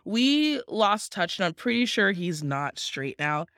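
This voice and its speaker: A woman's voice: mid-range voice, very animated, measured pace, a bit bright, dry recording, clean studio sound. A young woman co-hosting a podcast in casual chat, giggly and effusive, saying "like" often. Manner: giggly, effusive, says "like" a lot. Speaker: podcast co-host.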